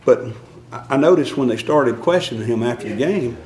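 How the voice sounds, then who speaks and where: A man's voice: mid-range voice, lively intonation, brisk, a little mellow, roomy sound, slight background noise, poor audio. A man preaching a conversational sermon as a church elder, folksy and self-deprecating, chuckling often.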